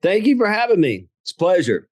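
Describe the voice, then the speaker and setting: A man's voice: sits high, wildly swooping pitch, fairly quick, a little mellow, no echo. A middle-aged man with a Southern US accent, from southern Alabama, telling his life story as an interview guest in a folksy, joking way. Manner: folksy, jokes and laughs at own stories. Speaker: guest, business coach and author.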